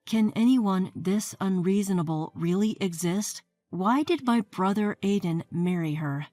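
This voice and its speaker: A woman's voice: medium pitch, a little slow, few pauses, mellow. A woman in her forties narrating her own story in a wry, fed-up first-person way. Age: 40s.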